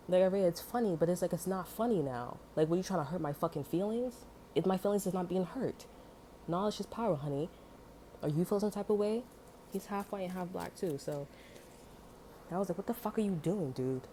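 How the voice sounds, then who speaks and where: A woman tells a story in an angry, casual monologue, her fairly low, dark voice running a little fast. Profanity and fillers such as "you know" and "like" come up a lot, and a little hiss or hum can be heard.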